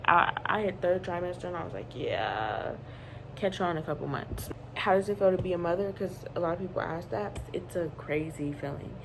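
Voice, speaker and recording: A woman's voice: on the low side, steady tone, brisk, few pauses, background noise. A nineteen-year-old woman and new mother, chatting casually and candidly on her vlog in rambling, slangy talk at home. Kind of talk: casual chat.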